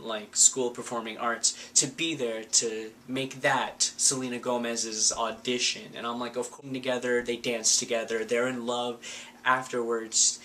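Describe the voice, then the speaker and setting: A man's voice: mid-range voice, bright, forceful tone, slight background noise. A man giving a casual, sarcastic recap of a movie, full of filler words. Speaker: vlogger.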